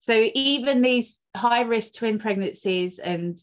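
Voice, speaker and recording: A woman's voice: a little high, slow pace. A woman, a twin mother and doula, telling a personal story in casual conversation, emotional and full of restarts. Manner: emotional, rambling with many restarts. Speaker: podcast guest, twin mum and doula. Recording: dull lo-fi audio.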